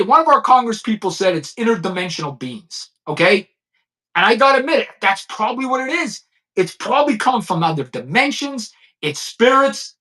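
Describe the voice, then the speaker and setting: A man's voice: high-pitched, fairly bright tone. A man, a former police chief, ranting blunt and profane commentary straight to his viewers.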